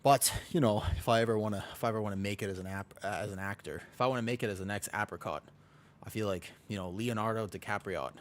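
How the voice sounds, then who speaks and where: A man with a low voice chats casually on a game stream. He rambles and mocks himself, often restarting his sentences and breaking into laughs. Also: fast talker. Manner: rambling, self-mocking, many restarts and laughs. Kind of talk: casual live-stream chat while gaming.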